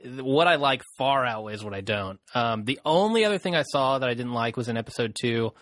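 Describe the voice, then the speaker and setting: A man's voice: medium pitch, lively intonation, brisk, a bit bright, no room sound. Man, podcast co-host, casual chat, laughs a lot, dry recording. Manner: laughs easily, crude jokes.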